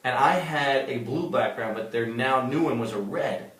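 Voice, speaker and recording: A man, a comedian and co-host, telling a funny story in casual podcast chat, with an animated manner and quick laughs. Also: medium pitch, far from the mic. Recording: roomy, off-mic sound.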